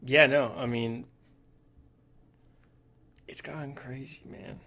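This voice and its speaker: A young man with a Texan accent, co-hosting a movie podcast in a laid-back, joking way, often trailing off into a quieter voice. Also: mid-range voice, fairly even intonation, takes it slowly. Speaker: podcast co-host. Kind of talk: casual chat.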